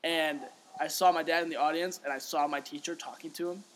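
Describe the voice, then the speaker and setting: A young man with a slightly high voice tells a story in casual podcast chat. He is animated, swears freely and laughs often. He acts out the quotes as he goes. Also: a little fast. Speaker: podcast co-host.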